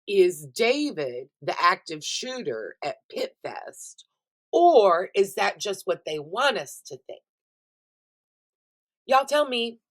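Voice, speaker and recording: A middle-aged woman vlogger, chatting casually and expressively to her viewers about what she has been watching, swearing freely as she goes. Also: mid-range voice. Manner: chatty, expressive and profane, addresses viewers directly. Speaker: vlogger reviewing TV shows. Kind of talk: casual chatty recap vlog.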